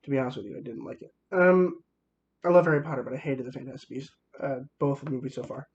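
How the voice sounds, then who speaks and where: A man's voice: mid-range voice, quick pace, darkish tone, dull audio. A young man giving a casual movie review, enthusiastic and rambling, with many fillers and restarts.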